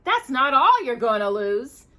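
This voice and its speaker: A woman's voice: high voice, big pitch swings, a little slow, pushed and bright, pitched above the performer's own voice, full character voice. A woman voicing a nervous, anxious young boy in a storybook read-aloud, her voice raised and urgent.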